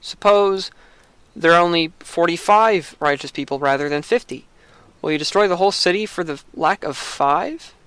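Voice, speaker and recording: A man's voice: a little high, moderate pace, fairly bright tone, clean tone, no room sound, natural voice. A man voicing the aged Abraham in a read-aloud scripture story, pleading and bargaining earnestly.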